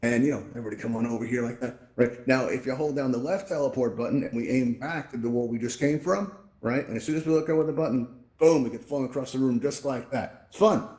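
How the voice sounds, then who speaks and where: A man with a mid-range, slightly mellow voice talks fast as he hosts a live virtual reality class. Chatty, he walks his audience in the VR event room through the controls, often checking in with "right?"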